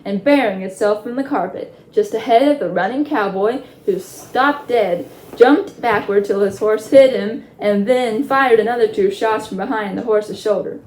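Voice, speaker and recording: A woman reading a children's chapter book aloud in a lively way, adding chatty asides. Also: mid-range voice, slight background noise. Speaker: storyteller. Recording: roomy echo.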